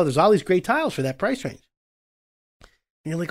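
A man hosting a talk show about home renovation, explaining with animated acted-out dialogue. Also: sits high, quick pace. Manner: animated, acts out customer and contractor voices. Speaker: podcast host.

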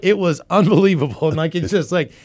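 A man's voice: a little high, fast talker. A middle-aged man, a podcast co-host, telling a story in casual chat, laughing and swearing as he goes. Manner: animated, laughing, profane storyteller.

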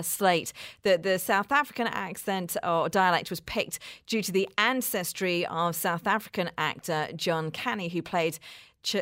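A woman's voice: fairly low pitch, dry recording. Woman, radio presenter, chatty storytelling, dry studio sound. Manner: chatty, laughs easily, animated storytelling. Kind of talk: casual radio chat.

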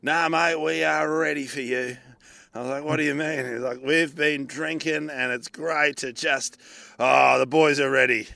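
Aussie comedian guy telling a story, bright punchy voice, swears a lot, dry close mic. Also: a little high, moderate pace, creaky, no room sound. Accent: Australian. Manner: animated, swears freely, acts out voices. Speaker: comedian and podcast co-host. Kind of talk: casual storytelling chat.

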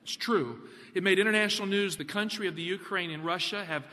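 A man preaching a sermon, animated, putting questions to the congregation. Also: high voice, brisk, long reverb tail.

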